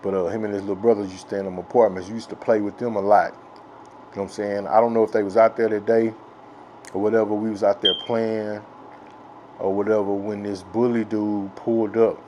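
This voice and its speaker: A man from Texas telling a childhood story in a rambling, profane, filler-heavy way that grows loud and excited with laughs. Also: fairly low pitch, a little fast, slight background noise. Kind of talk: casual storytelling.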